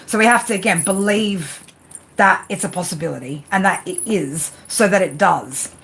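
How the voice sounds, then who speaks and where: A woman's voice: fairly low pitch, moderate pace, a bit bright. Chatty woman giving tarot readings. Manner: chatty, rambling, with many restarts. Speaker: tarot reader. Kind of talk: live stream reading.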